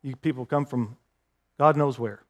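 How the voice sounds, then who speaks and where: A man preaching a sermon, telling stories with emphatic repetition and rising to forceful exclamations. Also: medium pitch, normal speed. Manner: animated storytelling, emphatic repetition. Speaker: pastor.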